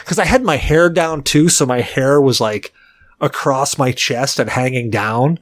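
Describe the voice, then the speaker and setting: A man's voice: mid-range voice, unhurried, no room sound. A man co-hosting a podcast, telling a rambling anecdote in casual chat and filling his sentences with "like". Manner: rambling, heavy use of "like"; animated anecdote teller. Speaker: podcast co-host.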